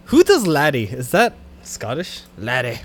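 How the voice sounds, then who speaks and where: A man co-hosting a podcast in casual banter, joking and quick to laugh. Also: medium pitch, wildly swooping pitch, slight background noise. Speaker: podcast co-host.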